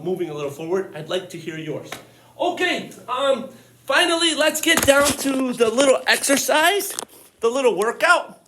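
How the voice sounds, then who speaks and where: Breathless, upbeat teacher in an echoey room. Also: male voice, sits high, pushed and bright. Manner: upbeat, encouraging, demonstrating exercises while talking. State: a little out of breath. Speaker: physical education teacher. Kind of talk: casual online lesson. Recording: echoey room, mic at a distance.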